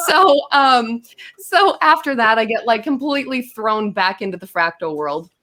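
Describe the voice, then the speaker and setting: A woman's voice: fairly high pitch, lively intonation, normal speed, sharp tone. A woman guest on a podcast, telling a long story in casual chat, acting out her own quotes with lots of fillers.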